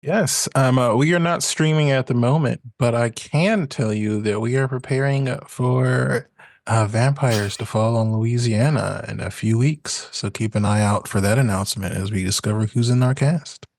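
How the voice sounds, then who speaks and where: A man player making a measured, casual announcement about his channel. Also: mid-range voice, gravelly, darkish tone, no room sound, clean studio sound. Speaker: player and streamer. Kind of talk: casual stream chat.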